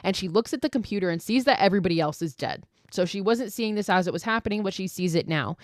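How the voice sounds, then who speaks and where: A woman podcast host recapping a horror movie in a casual, profane, animated storytelling style with frequent asides. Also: medium pitch, fast talker, dry recording, studio quality.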